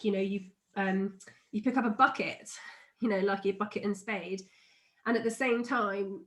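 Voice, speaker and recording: A middle-aged woman, an NLP trainer, explaining a method and telling a personal story in a chatty, animated way, laughing often. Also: medium pitch. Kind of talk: teaching explanation with personal anecdote.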